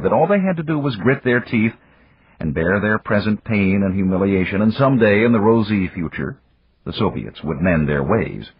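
Deep husky male audiobook narrator. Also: dry recording. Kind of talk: scripted narration. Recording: dull lo-fi dry recording.

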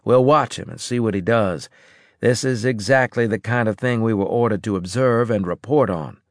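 A man's voice: on the low side, moderate pace, dry recording, clean studio sound, lightly acted. A man voicing a tough male squad leader in an audiobook, barking orders in a firm, raised voice. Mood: commanding.

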